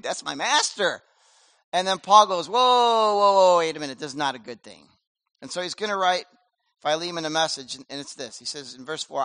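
A man preaching a sermon as pastor, animated and conversational, with casual slang. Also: high-pitched, no room sound.

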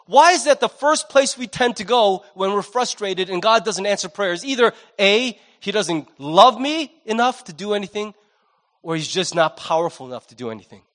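A fairly high-voiced man in his forties preaching from the pulpit. He speaks with lively conviction and slips into character voices to act out the people he quotes. His delivery shifts between intense emphasis and casual asides. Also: normal speed. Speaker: pastor. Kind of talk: sermon.

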